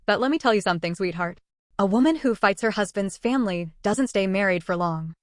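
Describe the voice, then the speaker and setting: A woman voicing a domineering older father-in-law who speaks with quiet, cold contempt. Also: mid-range voice, expressive, fairly quick, dry recording, studio quality, close to an everyday voice. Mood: menacing.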